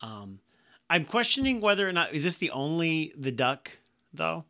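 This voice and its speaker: Male podcast co-host, bright forceful tone, excitable and stumbling, swears freely. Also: on the high side, moderate pace. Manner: animated, swears casually, stumbles over words. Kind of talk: casual chat.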